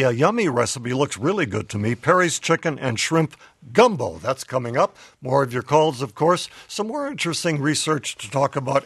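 A man's voice: a little high, gravelly, fairly bright tone, no room sound, clean studio sound. A man hosting a public radio health show, upbeat and laughing as he reads listener letters aloud.

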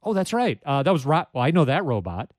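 Man, radio call-in host, friendly chat, slightly higher pitch, dry studio mic. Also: very animated, quick pace, darkish tone, no room sound. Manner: friendly, chatty, self-deprecating. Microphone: studio microphone.

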